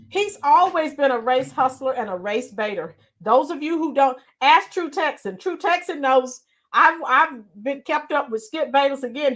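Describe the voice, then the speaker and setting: A woman's voice: high voice, fairly bright tone. A middle-aged woman hosting a casual live stream. She answers chat comments by name and gives blunt, opinionated commentary.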